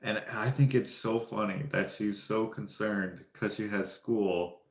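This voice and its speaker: A man's voice: lowish voice, fairly even intonation, a little slow. A Canadian man telling casual, rambling stories to his viewers, laughing often. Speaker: YouTuber. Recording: echoey room.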